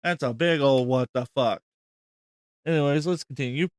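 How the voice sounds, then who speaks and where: A man's voice: medium pitch, normal speed, clean tone, no echo. A man hosting a reaction stream, ranting with sarcastic exasperation and frequent swearing. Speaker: host reacting to a clip. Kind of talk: reaction commentary.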